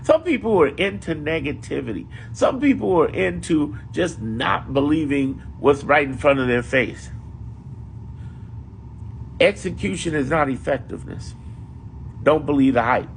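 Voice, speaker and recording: Man, political commentary, casual monologue, lively swooping pitch, emphatic, profane, repeats himself. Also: a little slow, vocal fry, a little hiss or hum. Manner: animated, emphatic and profane, repeating points for effect.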